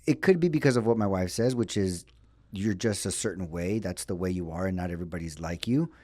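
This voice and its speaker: A man's voice: deep voice, brisk, darkish tone, no room sound. A man interviewing a business owner, asking thoughtful questions and hurrying through asides.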